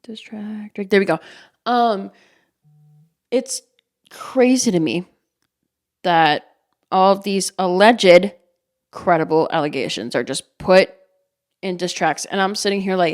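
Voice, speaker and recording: A woman's voice: medium pitch, slow, long pauses. A woman hosting a solo podcast, rambling and heavily swearing in a heated rant. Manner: rambling with frequent fillers. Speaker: podcast host.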